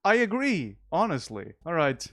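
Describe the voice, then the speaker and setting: A man's voice: on the high side, sing-song, moderate pace, a bit bright. A man whose first language is Portuguese, reading news aloud and commenting on it in a sarcastic, jokey way and laughing often. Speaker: streamer.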